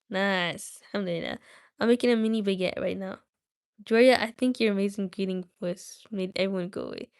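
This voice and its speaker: A woman's voice: medium pitch, a little fast, a little mellow, clean tone. A woman reading a story aloud on a livestream, chatty and breaking off to talk to viewers. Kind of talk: casual read-aloud livestream.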